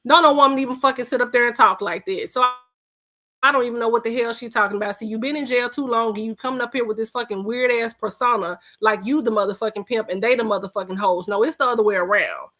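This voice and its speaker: A woman's voice: fairly high pitch, quick pace, sharp tone. A woman podcast host, delivering a blunt, profane, scolding rant in reaction commentary.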